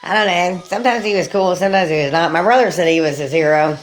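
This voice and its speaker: A woman's voice: lowish voice, quick pace, soft background music, rough recording. A woman rambling casually to her viewers on a live stream, laughing often. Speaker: livestreamer.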